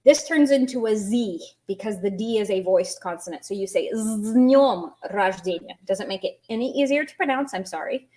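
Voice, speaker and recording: A woman's voice: medium pitch, animated, darkish tone. A woman teaching an online language lesson, explaining grammar patiently and quizzing her students. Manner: patient, explains slowly, asks students questions.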